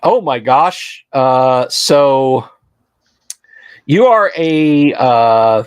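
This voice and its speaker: A man's voice: mid-range voice, animated, drawn-out words, clear, resonant tone, no room sound. Rambling game-master man, dry sound. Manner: rambling, chuckling asides. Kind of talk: running a tabletop game on a livestream.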